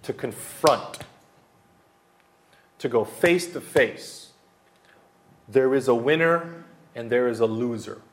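Recorded with a roomy hall echo, this expository sermon comes from a man in his thirties with a medium-pitched, animated voice. He goes slowly and pauses often, pressing his points emphatically, repeating key phrases and leaning on many fillers.

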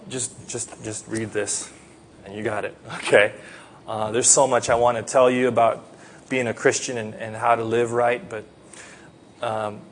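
A man preaching at a baptism, earnest, swinging from quiet teaching to loud pleading prayer. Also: mid-range voice, slight background noise. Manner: earnest, rises to loud pleading prayer then drops soft. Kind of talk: sermon.

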